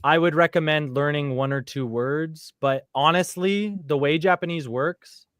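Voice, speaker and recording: A man's voice: a little high, measured pace, fairly bright tone, dry recording, clean studio sound. A man chatting casually as a podcast guest, rambling with lots of fillers and restarts. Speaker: guest living in Japan.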